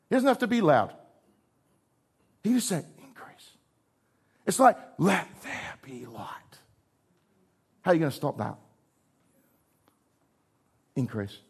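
A man preaching a sermon as pastor, moving between raised, emphatic lines and low, quiet ones.

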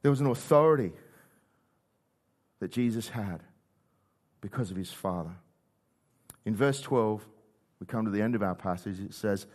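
A man's voice: medium pitch, big pitch swings, normal speed, pauses often. A conversational male preacher. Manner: conversational storytelling, acts out quotes. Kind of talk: sermon.

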